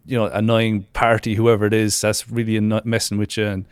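A man's voice: fairly low pitch, little pitch movement, a little fast, clear, resonant tone, no echo. A man in a casual music discussion who thinks aloud with hesitant phrasing.

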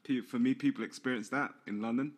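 A man's voice: mid-range voice, fast, husky. A man hosting a podcast, speaking earnestly and thoughtfully in casual chat, restarting his phrases. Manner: earnest, thoughtful, repeats himself.

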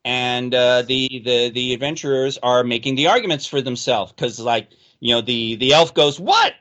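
A man hosting a casual group chat, telling jokes and playfully doing quick character voices. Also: mid-range voice, fairly even intonation, a bit bright. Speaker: podcast host telling jokes.

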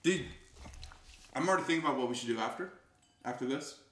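A man's voice: medium pitch, quick pace. A young man co-hosting a podcast, chatting casually and joking playfully with frequent swearing. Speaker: podcast co-host. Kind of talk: casual chat. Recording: roomy echo.

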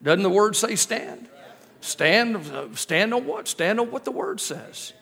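Speaking slowly and expressively, a middle-aged guest preacher uses a high, fairly bright, husky voice with vocal fry. He preaches in a church sanctuary, telling funny stories and repeating phrases as rhetorical questions, and the hall's long reverb echoes around him.

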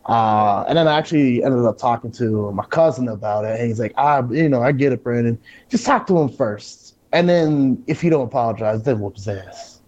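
Casual male wrestler, mellow dark voice, lively anecdote teller, muffled lo-fi audio. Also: mid-range voice, moderate pace, hardly any pauses. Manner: animated storyteller, acts out quotes. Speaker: pro wrestler. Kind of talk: casual conversation.

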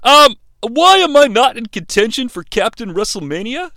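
A man putting on the voice of a gruff male wrestler who calls in to complain, interrupting and indignant. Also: very high-pitched, very animated, normal speed, pushed and bright, no echo, clean studio sound, exaggerated voice. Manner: interrupting, indignant then grumbling.

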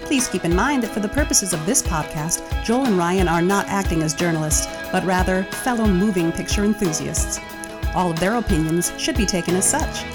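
A woman reading a scripted podcast intro as the show announcer, measured and dry. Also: lowish voice. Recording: announcement over music. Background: music.

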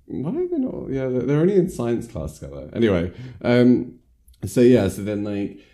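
A man's voice: medium pitch, wildly swooping pitch, normal speed, warm tone. A man casually recapping a film scene by scene, rambling with many fillers and frequent laughter.

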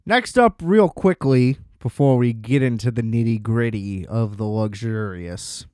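A man's voice: medium pitch, expressive, measured pace, mellow, clear, resonant tone, no room sound, clean studio sound. A man hosting a podcast, ranting in a casual, exasperated and profane way. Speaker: podcast host. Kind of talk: casual solo podcast rant.

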